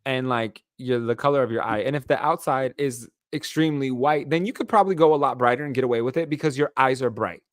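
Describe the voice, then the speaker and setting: A man co-hosting a podcast in casual chat, animated and laughing as he hands out cheeky advice. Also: mid-range voice, fast, hardly any pauses, dry recording, clean studio sound. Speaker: podcast co-host.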